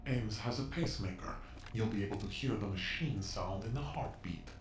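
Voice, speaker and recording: Cold, low-voiced covert informant. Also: male voice, lively intonation, crowd noise. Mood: instructive. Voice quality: cold, measured, secretive. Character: cryptic, commanding male covert contact. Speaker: mysterious informant in a video game. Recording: echoey game audio with noise.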